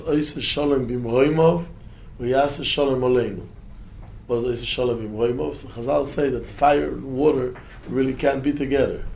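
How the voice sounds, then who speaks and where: Gravelly rabbi teaching. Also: male voice, darkish tone, a little hiss or hum. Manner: chants quoted verses in a singsong, voice climbing high when stressing a point. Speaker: rabbi teaching a Torah class. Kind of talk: Torah lesson.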